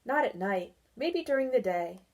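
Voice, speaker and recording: A woman voicing a gentle, patient father in a read-aloud storybook, speaking calmly and reassuringly. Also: fairly high pitch, moderate pace. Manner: calm, soft and reassuring.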